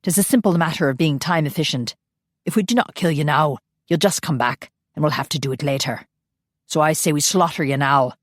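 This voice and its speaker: Woman reading blunt, growling vampire fighter, low and dry. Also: a little fast, dry recording. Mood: gruff. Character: gruff Scottish male vampire warrior.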